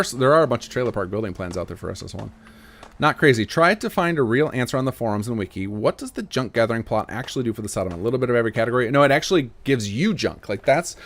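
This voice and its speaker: A man's voice: mid-range voice, fairly bright tone. A man in his thirties chatting casually on a livestream, answering viewer questions in a rambling way with many fillers and restarts. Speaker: mod developer and streamer.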